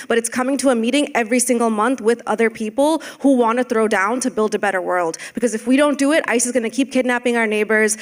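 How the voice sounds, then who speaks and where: A woman organizer speaks to a live audience with urgency, rallying them to act. Her voice sits fairly high. She sounds like a speaker at a public event. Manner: urgent, rousing. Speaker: community organizer. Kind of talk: rallying panel speech.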